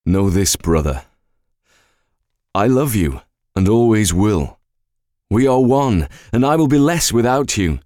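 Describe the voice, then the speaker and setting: A man's voice: on the low side, very animated, unhurried, long pauses, a little mellow, no room sound, clean studio sound, voice pushed up. A male audiobook reader voicing a noble, sorrowful male warrior entity who speaks in solemn, formal, resolute words. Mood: solemn resolve. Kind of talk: audiobook character voice.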